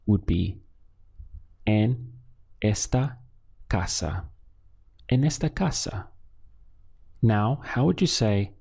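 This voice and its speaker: Slow, gravelly male Spanish teacher. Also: on the low side, very animated, warm tone. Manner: slow, patient, pauses for learner answers. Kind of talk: scripted language lesson.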